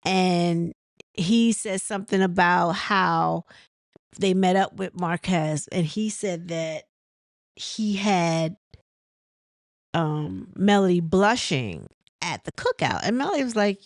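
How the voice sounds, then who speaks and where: A woman's voice: fairly low pitch, expressive, slow, dry recording, studio quality. A woman chatting casually as she recaps a reality show episode, rambling with many ums and laughing as she mimics the cast. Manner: many fillers and restarts.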